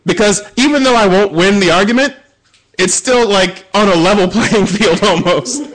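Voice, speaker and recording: A man's voice: high-pitched, moderate pace, a crowd in the background, rough recording. A man hosting a podcast, telling stories in casual group banter with acted-out quotes and lots of swearing. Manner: animated, profane storytelling with acted-out quotes. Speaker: podcast host.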